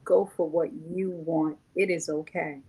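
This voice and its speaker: A woman's voice: low-pitched, steady tone, measured pace, darkish tone, husky, poor audio. A woman on a panel giving emphatic, encouraging advice. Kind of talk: motivational panel talk.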